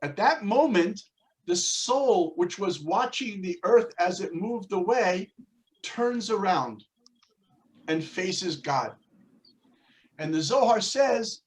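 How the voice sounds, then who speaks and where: Slow-speaking man teaching a Torah class. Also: high-pitched, rough recording. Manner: animated storyteller, shifts voice for quotes. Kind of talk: religious lesson with dramatic storytelling.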